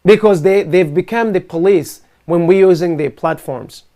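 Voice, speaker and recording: High-voiced earnest male talk host. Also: moderate pace, mellow. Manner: earnest, emphatic, argues with rhetorical questions. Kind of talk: live online talk show monologue. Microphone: video call setup.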